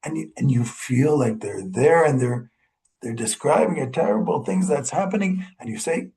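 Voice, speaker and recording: Man, rabbi, conversational sermon, slightly high pitch, gravelly. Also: animated, moderate pace, warm tone, poor audio. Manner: conversational, with fillers and retold stories. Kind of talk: holiday sermon talk.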